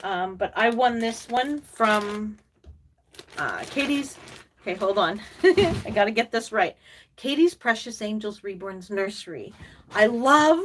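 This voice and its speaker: Older woman, chatty live-stream host, rambling with fillers and laughs, soft cooing asides, middle-pitched voice, a little distant from the mic. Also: animated, measured pace, a little hiss or hum. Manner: drops into soft cooing baby talk at times. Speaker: reborn doll artist and collector hosting a live stream. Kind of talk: casual live-stream chat reading viewer comments.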